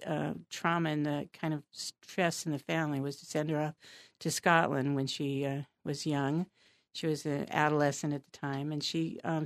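Low-voiced woman author, hesitant. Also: no echo, studio quality. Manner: thoughtful, hesitant, many fillers. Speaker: author and guest. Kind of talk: interview answers.

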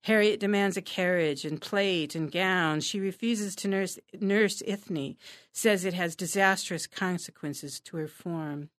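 A woman's voice: fairly low pitch, measured pace, no room sound, clean studio sound, natural voice. A woman reading aloud as a passionate, brooding young male poet, dramatic and impassioned.

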